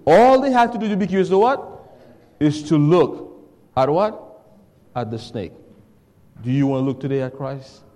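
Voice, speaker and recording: Animated preacher in a reverberant hall. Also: male voice, a little high, normal speed, long pauses. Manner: asks the congregation to fill in words, swings from soft to shouting. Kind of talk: call-and-response sermon.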